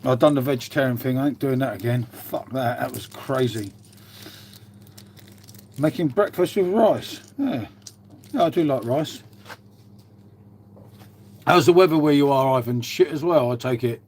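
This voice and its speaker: A man's voice: mid-range voice, unhurried, long pauses, darkish tone, breathy edge. A British man hosting a casual livestream, chatting and swearing freely while greeting and answering viewers. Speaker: livestream host. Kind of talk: casual live-stream chat.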